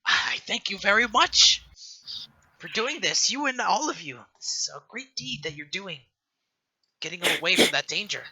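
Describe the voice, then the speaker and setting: A game master voicing a frail, kindly old woman who runs an orphanage, soft-spoken and fussing over her guests. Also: high-pitched, lively intonation, moderate pace, husky, voice pushed up, exaggerated voice, poor audio. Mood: comforting. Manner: warm, fussing, soft-spoken, leans on a cane.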